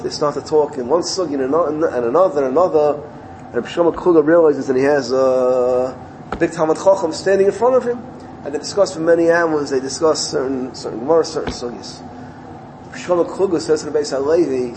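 A man, a rabbi, giving a Torah talk and telling a story animated, acted-out quotes. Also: noisy background. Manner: animated storytelling, acting out quotes with rising pitch.

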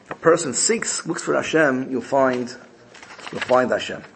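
A man giving an animated Torah sermon, telling stories and using Hebrew and Yiddish terms. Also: medium pitch, moderate pace, vocal fry, background noise. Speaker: rabbi teaching Torah. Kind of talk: sermon with storytelling.

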